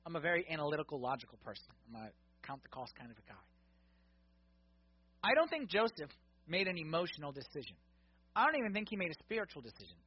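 Animated husky male preacher. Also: high-pitched, dry recording, lo-fi sound. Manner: animated, swings between loud emphasis and quiet asides. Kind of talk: sermon.

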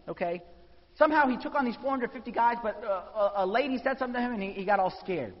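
A man preaching a sermon, telling the story with animated voices for the people in it. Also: extremely high pitch, fast talker. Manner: animated storytelling, acting out quotes. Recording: dull sound in a reverberant hall.

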